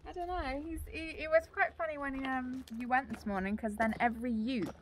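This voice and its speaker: A woman's voice: high voice, brisk. A young woman chatting casually outdoors beside a van, loose and chatty with lots of fillers. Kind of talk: casual conversation.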